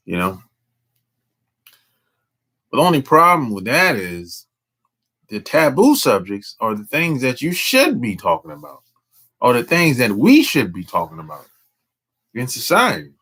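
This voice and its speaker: A man's voice: mid-range voice, moderate pace, pauses often, slightly rough. A man hosting a casual live stream, talking in slangy, drawling speech with lots of repetition. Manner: slangy, drawling, animated, repeats himself.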